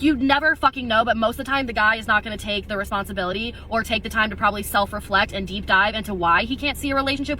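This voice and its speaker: A woman's voice: on the high side, pushed and bright, a little hiss or hum. A young woman venting to camera, frustrated and swearing. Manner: rapid, frustrated, profane.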